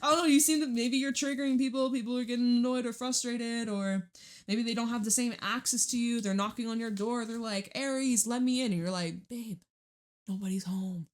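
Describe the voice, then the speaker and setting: A woman's voice: fairly high pitch, steady tone, fairly quick. Young female tarot reader, casual chat, rambly and profane, laughs a lot. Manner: chatty, rambling, laughs and swears freely.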